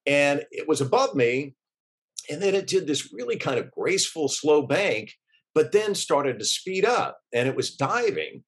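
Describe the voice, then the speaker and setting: Middle-aged man recounting, halting and earnest. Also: on the high side, sing-song, slightly rough. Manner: earnest, halting, many restarts and fillers. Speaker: journalist eyewitness. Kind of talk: recalling events in an interview.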